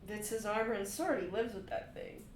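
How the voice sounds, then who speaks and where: A woman's voice: mid-range voice, fairly quick. A woman playing a tabletop role-play game, chatting casually and narrating her character's actions with frequent giggles. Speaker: player. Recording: echoey room, away from the mic, faint noise.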